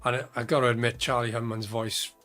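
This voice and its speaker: A man's voice: mid-range voice, little pitch movement, fast talker, bright, forceful tone. Male panelist, mid voice, dry humour, trailing off, faint music bed. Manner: wry, laughing asides, trailing sentences. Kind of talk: casual panel chat.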